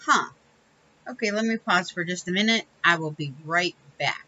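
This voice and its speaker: Speaking at a moderate pace in a voice on the low side that sounds pushed and bright, a woman hosts a casual crafting video. She rambles, corrects herself, and laughs lightly, while the audio has its highs cut off and a little hiss or hum.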